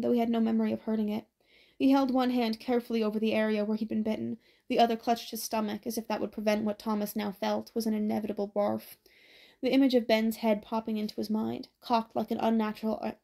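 A woman narrating an audiobook with a steady, even reading. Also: fairly high pitch, creaky.

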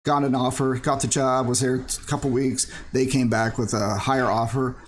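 A man's voice: medium pitch, level tone, moderate pace, slight background noise. A man hosting his channel, giving blunt, rambling casual commentary on a clip. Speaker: channel host reacting to a clip.

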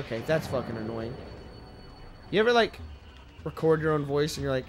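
A young man with a high voice jokes his way through a video game, swearing freely and breaking into goofy shouts. Faint game music plays under his talk. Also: lively intonation, fairly quick. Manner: joking, profane, playful bursts of goofy shouting. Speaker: let's play gamer. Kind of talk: casual gameplay commentary.

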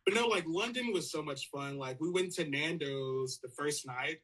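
A man's voice: on the high side, normal speed, a bit bright, slightly rough. Chatty young man guest, laughing a lot. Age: young adult. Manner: laughs often, loose and chatty, lots of fillers. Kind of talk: casual chat on a live stream.

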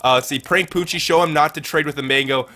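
Man, livestream game host, bright forceful voice, slightly high pitch, energetic, repeats phrases. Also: fast talker. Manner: energetic, repeats phrases, calls viewers dudes and guys. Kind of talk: live let's-play commentary reading chat.

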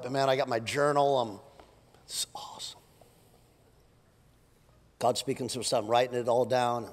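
A man preaching an energetic, joking sermon to a congregation, his voice worn thin from preaching many services, swinging between loud jabs and quiet asides. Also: medium pitch. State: losing his voice. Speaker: pastor. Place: church auditorium with live congregation. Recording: long hall reverb.

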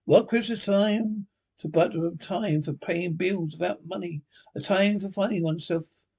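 A man's voice: high voice, a little slow, creaky, darkish tone, breathy edge, full character voice. A man reading a stern, scornful old miser. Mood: indignant. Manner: curt, cold, indignant.

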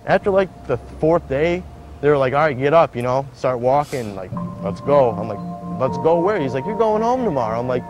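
Expressive and brisk, a medium-pitched man tells his own story in a loose, meandering interview with music behind him. Fillers pile up, and he gives voice to the people he quotes.

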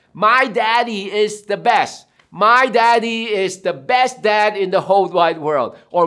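A man's voice: high-pitched, a bit bright. A man preaching a sermon as pastor, emphatic and given to dramatic storytelling.

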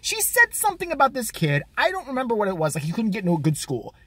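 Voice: medium pitch, wildly swooping pitch, a bit bright, slightly rough, no room sound. A vlogger delivering a crude, mocking, profane comedic rant. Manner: crude, mocking, fast-talking.

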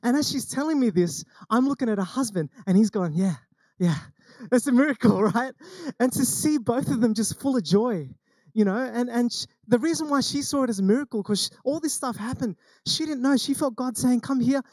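A man's voice: extremely high pitch, animated, brisk, a little mellow, no echo. An Australian man preaching a sermon as senior pastor, telling stories in a conversational way and acting out the quoted lines. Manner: conversational storytelling with acted quotes.

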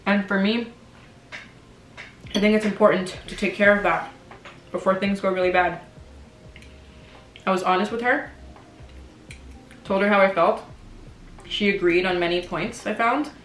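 A woman's voice: medium pitch, fairly even intonation, unhurried, long pauses, slight background noise. A woman in her twenties from Canada, a vlogger chatting candidly while she eats. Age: 20s. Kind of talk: casual chat. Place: home room, dining at table. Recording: echoey room with faint kitchen clatter.

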